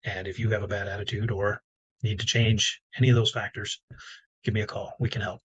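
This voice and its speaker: A man giving a relaxed, conversational talk as a business coach, with frequent fillers. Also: on the low side, a little fast, husky, poor audio. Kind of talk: instructional talk to camera.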